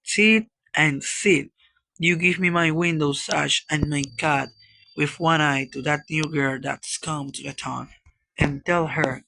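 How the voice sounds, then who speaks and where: A man's voice: fairly high pitch, fairly even intonation, takes it slowly, creaky, bright, forceful tone, heavily acted. A man voicing a boy faking illness, whining and melodramatic, in a storybook reading. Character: boy Tom faking illness, whiny, dramatic.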